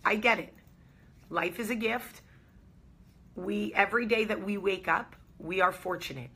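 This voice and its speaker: Woman, host, casual talk, husky voice, emphatic, repeats phrases, earnest and reassuring. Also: mid-range voice, a little slow, pushed and bright.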